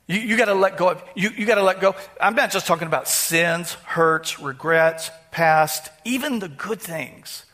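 A man's voice: sits high, sharp tone. A man preaching a sermon to his congregation in a conversational style, often repeating words and asking the room questions. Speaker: pastor. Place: church.

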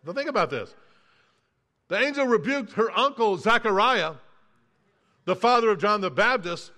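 Male pastor, high and bright, preaching earnestly with some restarts. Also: expressive, moderate pace. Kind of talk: sermon.

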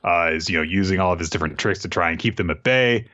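A man co-hosting a podcast, retelling a chapter in a jokey, animated way. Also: deep voice, quick pace, highs cut off. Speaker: podcast co-host recapping a manga chapter. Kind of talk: casual chat.

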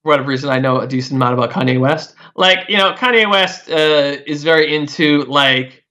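A man's voice: on the high side, brisk, pushed and bright. A man talking politics in a loose, rambling way, full of "like" and "uh", often restarting his sentences. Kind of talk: casual political chat.

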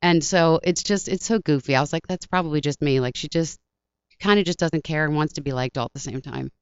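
Woman guest, voice actress, rapid animated storyteller, smooth crisp voice, dull lo-fi sound. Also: deep voice, dry recording. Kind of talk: casual interview chat.

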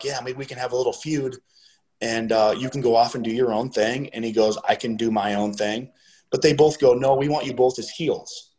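A middle-aged man casually telling a story, swearing freely and getting animated when he quotes other people. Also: medium pitch, low-quality recording.

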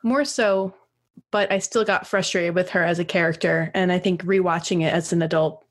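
A woman in her thirties co-hosting a podcast, chatty and animated in casual talk. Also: on the low side, normal speed. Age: 30s. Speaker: podcast co-host.

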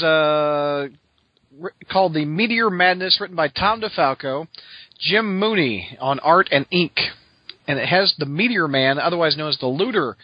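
Husky high-voiced man bantering wryly. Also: no room sound, muffled recording. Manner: wry, quick reactions and interjections. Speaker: podcast co-host. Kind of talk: casual podcast banter.

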